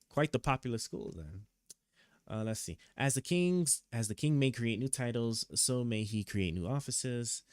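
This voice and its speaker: A man streaming live, reading a court opinion aloud and stopping often to puzzle over it, with halting, restarting speech. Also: mid-range voice, darkish tone, clear, resonant tone, no room sound, studio quality. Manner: reads legal text aloud, stops to check words. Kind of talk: casual live stream commentary. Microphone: headset or desk mic.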